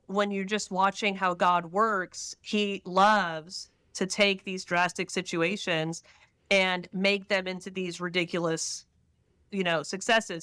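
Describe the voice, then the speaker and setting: A middle-aged woman from Texas talks as a podcast guest, animated and storytelling. Her voice sounds bright and smooth, and the recording is dry and close. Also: medium pitch, no echo. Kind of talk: casual conversational interview.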